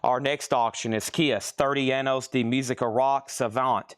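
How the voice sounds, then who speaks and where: A man hosting a live-streamed record sale, chatting quickly through prices and buyer names, a bit out of breath. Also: medium pitch, fairly even intonation, a bit bright, smooth, dry recording, studio quality.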